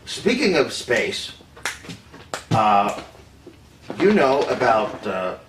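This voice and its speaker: An actor playing an older film director who recalls a secret White House meeting, telling it haltingly with many fillers and restarts. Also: male voice, mid-range voice, very animated. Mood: hesitant. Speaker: actor in a staged confession. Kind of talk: rehearsed improvised storytelling. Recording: roomy, distant mic, faint room noise.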